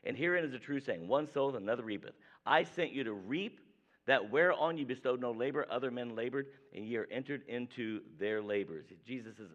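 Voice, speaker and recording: A man's voice: medium pitch, moderate pace. A man preaching a sermon to a congregation. He reads scripture aloud, keeps asking the listeners "right?", and acts out the people he quotes. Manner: conversational, asks "right?" often, acts out quoted voices. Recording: dull lo-fi recording.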